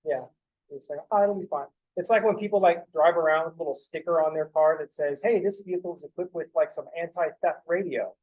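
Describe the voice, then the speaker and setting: A young man teaches math in a classroom, his voice sitting a little on the high side. He talks in a loose, joking way, rambling off into rants and casual swearing before he returns to the lesson. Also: fairly quick, a little mellow, poor audio. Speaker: math lecturer.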